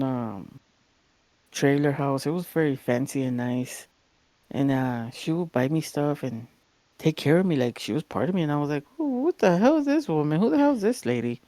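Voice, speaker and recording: A young woman co-hosting a podcast, telling stories in a lively, animated way and acting out the voices of the people in them. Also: deep voice, no room sound. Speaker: podcast co-host. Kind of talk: casual chat, storytelling.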